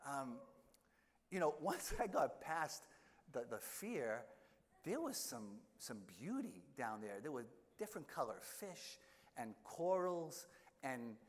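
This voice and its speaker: A man's voice: medium pitch, big pitch swings, slow pace. A middle-aged man, a priest, telling a funny self-mocking story in a sermon. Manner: self-deprecating humorous storytelling. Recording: echoey hall with long reverb.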